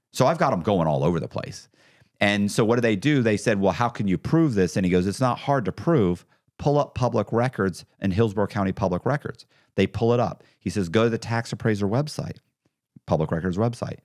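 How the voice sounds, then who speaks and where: A man talking as a podcast guest, telling his story casually and acting out what other people said. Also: lowish voice. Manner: animated, acts out others' lines in quotes. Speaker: podcast guest, former con artist.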